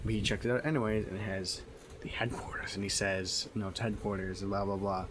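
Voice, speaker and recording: A man's voice: lowish voice, fairly even intonation, quick pace. Man rambling through a book review. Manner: rambling, filler-heavy retelling. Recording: noisy home recording.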